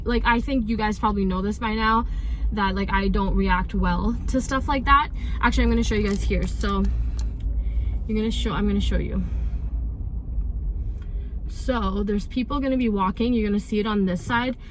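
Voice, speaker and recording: A woman's voice: medium pitch, moderate pace, pauses often. A young woman vlogging casually on her phone, chatty and full of "like" fillers, talking in a car and then outside a store. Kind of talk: casual vlog chat. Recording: noisy outdoor and car phone audio. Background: car and street noise.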